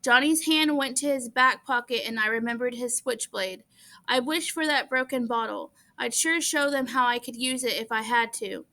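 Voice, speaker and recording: Woman reading a novel out loud, high bright voice, earnest, trips on a word sometimes. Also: moderate pace. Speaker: audiobook reader. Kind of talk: reading a novel aloud in first person.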